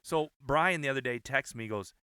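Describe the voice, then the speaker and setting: A man co-hosts a casual comedy podcast with a bright, forceful tone. He banters, asks questions and tosses in dry asides. The recording is dry and close. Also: mid-range voice, normal speed, smooth, no echo. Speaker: podcast co-host.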